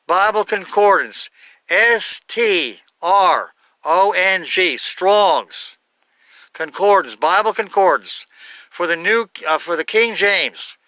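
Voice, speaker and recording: A man giving an unscripted Bible talk, halting, with many fillers and self-corrections. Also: high-pitched, sharp tone, clear, resonant tone, no echo. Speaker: Bible teacher.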